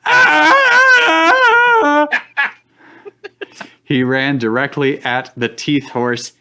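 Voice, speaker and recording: A man's voice: lowish voice, a little slow, fairly bright tone, a little hiss or hum. A man reading fan fiction aloud for laughs on a live stream, often breaking into chuckles.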